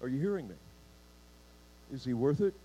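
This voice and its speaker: A man's voice: medium pitch, animated, moderate pace, dark tone, breathy edge, highs cut off. A man preaching a sermon in church, restarting words and putting questions to the congregation. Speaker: pastor.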